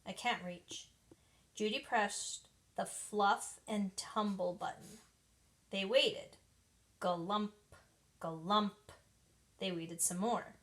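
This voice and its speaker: A woman's voice: mid-range voice, steady tone, a bit bright. Woman reading a storybook to kids. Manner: pauses to explain to young listeners. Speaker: reader of children's books. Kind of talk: reading aloud to children.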